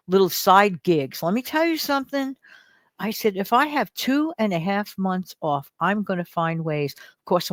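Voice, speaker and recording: A woman's voice: fairly low pitch, no room sound. An older woman hosting a casual advice vlog, talking in a chatty, encouraging way and now and then acting out whiny voices. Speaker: host.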